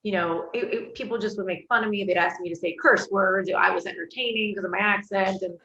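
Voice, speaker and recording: A woman, originally from England, talking as a TV host guest in a relaxed interview, chatty and full of "like" and "you know". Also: medium pitch, brisk. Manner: chatty, laughs easily, lots of "like" and "you know". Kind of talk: casual interview storytelling. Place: home in Florida. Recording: echoey, slightly dull video call audio.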